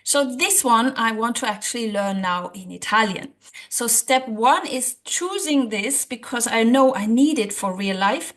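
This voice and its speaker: A woman's voice: on the high side, fairly bright tone. A woman hosting a casual language-learning tutorial, chatty and thinking aloud, with a light laugh. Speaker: language-learning video host. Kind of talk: casual tutorial talk to camera.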